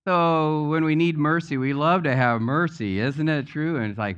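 Preaching from a church sanctuary, a pastor mixes jokes into a conversational sermon. His voice is on the high side and a bit bright, with lively intonation and a moderate pace. The recording is muffled.

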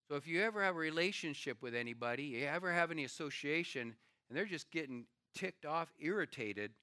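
An older man, a pastor, preaching a sermon with animated storytelling and acted-out quotes. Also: a little high, no room sound, studio quality.

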